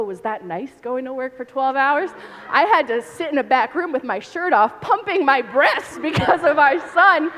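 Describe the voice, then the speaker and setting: Candid woman telling her story in a hall. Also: a little high. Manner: candid, animated, acts out her own past outbursts. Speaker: panel speaker. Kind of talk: personal testimony to an audience. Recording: reverberant hall.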